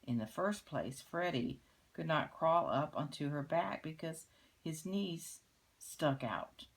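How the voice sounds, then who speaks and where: An older woman reading a picture book aloud, gently pointing out details in the pictures. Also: low-pitched, slow pace, husky, poor audio. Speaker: grandmother reading to children.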